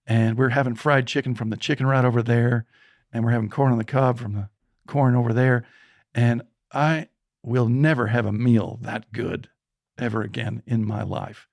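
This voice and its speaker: A man in his sixties, a podcast guest telling a story from his childhood in an animated way and voicing the people in it. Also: mid-range voice, creaky, no room sound, studio quality. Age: 60s.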